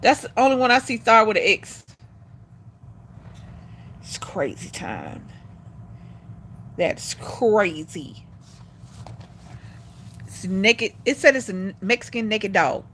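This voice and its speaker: Chatty woman livestreamer, bright voice. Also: mid-range voice, sing-song, slow, pauses often, a little hiss or hum. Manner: chatty, talks to viewers as y'all; sing-song coaxing to her dog. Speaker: livestream host. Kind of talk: casual livestream chat.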